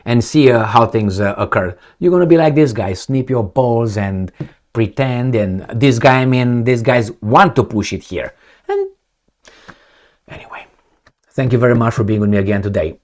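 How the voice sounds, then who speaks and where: A man's voice: medium pitch, darkish tone. A man giving casual, rambling political commentary on his channel, sarcastic and swearing freely.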